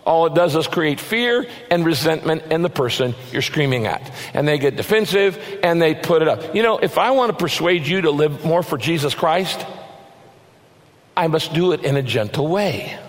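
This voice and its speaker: A male pastor preaches in a large church, his voice sitting a little high for a man. He is earnest, speeding up and then slowing right down to stress each verse he reads. A long reverb from the big hall trails behind his words. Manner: earnest, varies pace, slows to stress scripture. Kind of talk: sermon.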